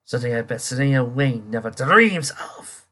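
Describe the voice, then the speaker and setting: A comic reader voicing a frustrated young wife who answers with bitter, cutting remarks. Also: female voice, very deep voice, animated, normal speed, fairly bright tone, exaggerated voice.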